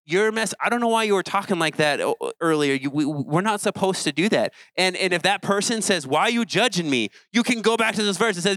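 A man with a fairly high voice preaches earnestly to a youth crowd, talking in a plain, conversational way. His sentences stumble and restart now and then. The sound is dry and close. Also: expressive, brisk, hardly any pauses, fairly bright tone, no echo, rough recording. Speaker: youth pastor. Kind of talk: sermon.

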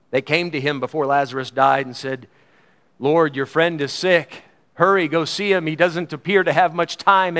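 A middle-aged male preacher delivering a sermon in a slightly high voice. He moves from ringing, emphatic proclamations down to near-whispered lines. His delivery is fervent and dramatic. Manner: fervent, swinging from loud declarations to hushed lows.

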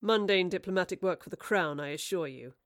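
A woman's voice: fairly low pitch, a little fast, dry recording, studio quality, natural voice. A woman voicing a roguish male poet-spy. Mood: wry. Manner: wry and theatrical. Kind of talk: audiobook character reading.

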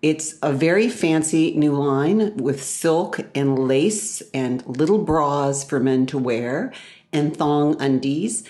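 Woman, host, low voice, casual chatty delivery. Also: takes it slowly, warm tone. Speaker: podcast host. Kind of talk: casual chat.

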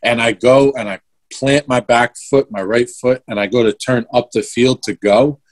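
A young man with a steady, mid-range voice tells a story in casual chat at a moderate pace. He swears a lot and replays the events vividly, step by step.

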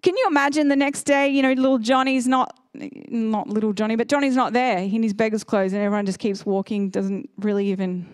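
A woman preaches with a high, bright voice, telling stories with lively energy. The sound is close and dry. She slips into the voices of the people in her stories. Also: brisk, hardly any pauses, clean tone, no echo. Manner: animated storyteller, acts out characters. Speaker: pastor. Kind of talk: sermon.

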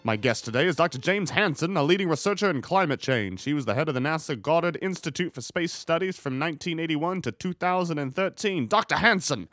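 An actor playing a smug, pompous radio talk host with a put-on British accent, in a comedic public radio parody. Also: male voice, fairly high pitch, expressive, fairly bright tone, dry recording. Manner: pompous, smug, brisk ad-read delivery.

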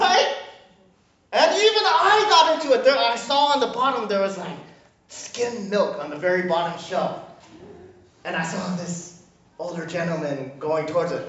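A man's voice: high-pitched, normal speed, long pauses. A male pastor preaching a sermon, joking and acting out voices, recorded from a distance in a church. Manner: animated, jokey, acts out voices of God and people. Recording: distant, echoey, muffled hall mic.

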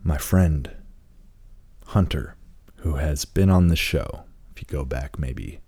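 A podcast host with a deep bass voice tells a long story at a slow, laid-back pace, rambling and swearing often. His tone is mellow and slightly rough, recorded dry on a close microphone.

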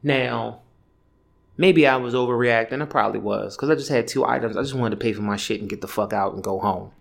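A man's voice: mid-range voice, brisk, gravelly. Profane rambling man in his thirties. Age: 30s. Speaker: podcast host. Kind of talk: casual solo rant.

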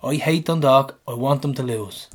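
A man's voice: medium pitch, normal speed. An Irish man co-hosting a football podcast in casual chat, blunt and fiery, swearing freely. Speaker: podcast co-host.

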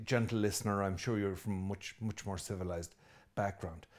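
Irish priest preaching a lively sermon. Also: male voice, fairly low pitch, normal speed. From Ireland. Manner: lively and conversational, with asides and jokes; emphatic, repeating key phrases.

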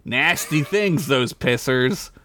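A man's voice: medium pitch, expressive, takes it slowly, bright, forceful tone, a little hiss or hum. A man narrating a crude, comic fantasy game story as game master, often breaking into giggles. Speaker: game master and podcast co-host. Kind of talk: comedic tabletop narration.

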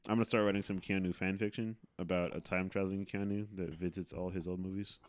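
A man co-hosting a casual podcast, cracking deadpan jokes. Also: low voice, quick pace, dry recording, studio quality. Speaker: podcast co-host. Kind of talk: casual chat.

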